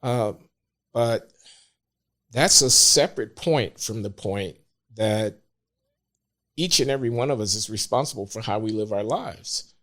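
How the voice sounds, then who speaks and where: An older man, a podcast guest, speaking in a measured, emphatic way with hesitant pauses. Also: fairly low pitch, a bit bright. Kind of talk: opinionated talk.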